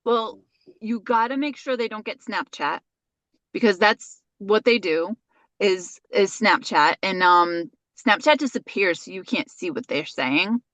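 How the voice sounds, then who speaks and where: A woman's voice: mid-range voice, lively intonation, measured pace, a bit bright, dry recording. A woman in her forties co-hosting a podcast, telling stories in rambling casual chat with many restarts. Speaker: podcast co-host.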